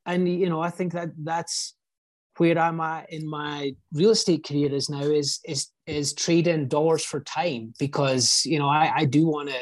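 A man's voice: on the high side, steady tone, normal speed. A man in his forties with a Scottish accent, speaking as an interview guest. He talks in an earnest, reflective way and often restarts his sentences. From Scotland. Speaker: guest, real estate agent. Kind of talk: casual podcast interview.

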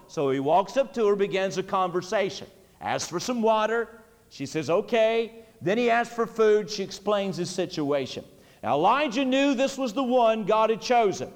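A man preaching a sermon in a church, retelling a scripture story in folksy everyday words and growing emphatic as he drives his points home. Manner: emphatic, rising in pitch as he presses a point. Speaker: pastor. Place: church sanctuary. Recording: church service recording with long hall reverb.

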